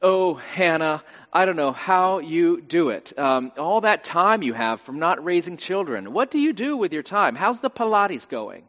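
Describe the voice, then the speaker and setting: A man's voice: on the high side, very animated, unhurried, hardly any pauses, a bit bright. A man putting on a catty, falsely sweet woman. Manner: mock-sweet, backhanded. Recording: dull lo-fi with long reverb.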